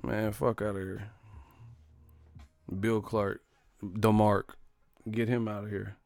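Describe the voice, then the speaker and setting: Profane, laughing live-stream host. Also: male voice, lowish voice, level tone, takes it slowly, gravelly, a little mellow, no room sound, studio quality. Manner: profane, laughing, riffing on chat. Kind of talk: casual live-stream commentary.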